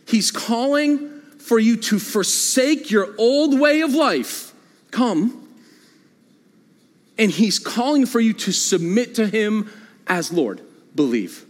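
A male pastor preaching a sermon in a church, with animated delivery and frequent repeated phrases. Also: high voice, measured pace, in a large hall. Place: church sanctuary.

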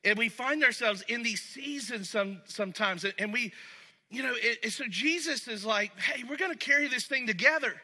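A man preaching a sermon as pastor, talking to the congregation conversationally and going soft and low when he reads scripture. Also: moderate pace. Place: church sanctuary. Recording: long reverb of a large hall.

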